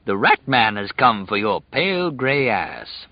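A man's voice: on the low side, very animated, unhurried, highs cut off. A man voicing a gleeful, taunting male henchman who mocks prisoners, in an audiobook reading. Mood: gleeful mocking. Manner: mocking, taunting, shouting. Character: gleeful menacing male henchman, later frightened.

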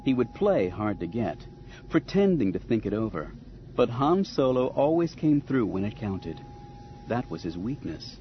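A man narrating an audiobook in a measured, expressive storytelling manner. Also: medium pitch, lo-fi sound, a little hiss or hum. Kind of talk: scripted narration.

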